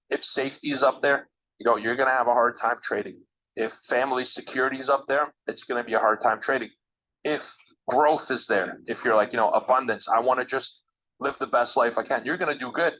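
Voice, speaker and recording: A man's voice: medium pitch, bright, forceful tone, poor audio. A man interviewed as a guest trader, giving emphatic, motivational advice straight to the listeners. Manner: emphatic, coaching, direct address to listeners.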